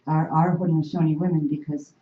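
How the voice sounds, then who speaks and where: Low-voiced woman telling an animated story. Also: fast talker. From Oneida Nation. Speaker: panel speaker. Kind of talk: storytelling talk to an audience. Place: university meeting room. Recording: roomy, dull room recording.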